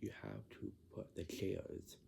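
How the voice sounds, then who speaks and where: In a dark-toned voice, with a little hiss or hum on the recording, a man explains something casually. His delivery is repetitive and halting, and at times he slips into whispers.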